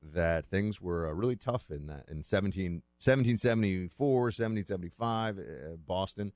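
Deep-voiced rambling man. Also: moderate pace, a little mellow, no room sound. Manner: rambling, self-correcting, chuckles to himself. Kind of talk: casual monologue.

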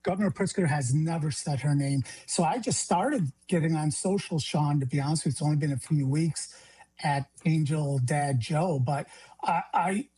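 A man's voice: on the high side, moderate pace, dark tone, slightly rough. A middle-aged man from Illinois, a guest on a talk radio show, speaking with passion and stumbling over repeated words. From Illinois, USA. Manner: impassioned, stammering restarts. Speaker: guest, grieving father. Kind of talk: phone-in talk radio interview.

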